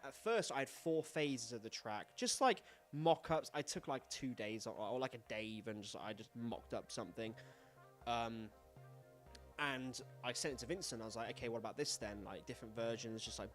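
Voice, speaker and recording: A man's voice: mid-range voice, a bit bright. Rambling, swearing man chatting. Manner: frank and swears a lot, many fillers. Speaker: host. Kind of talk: casual solo chat, rambling storytelling.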